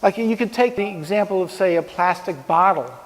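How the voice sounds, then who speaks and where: A man's voice: high-pitched, brisk. A man giving an informal, conversational talk on ethics to a live audience, with props and pointing. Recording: long reverb of a hall.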